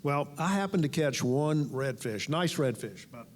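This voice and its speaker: A man's voice: a little high, lively intonation, normal speed, a little hiss or hum. A man on a discussion panel, recalling a story in an easygoing, chuckling way. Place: indoor event venue.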